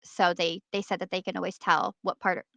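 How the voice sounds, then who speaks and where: A woman from New York in a casual chat, talking in an animated, chatty way. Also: fairly low pitch, brisk, gravelly, dry recording. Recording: dry dull lo-fi audio.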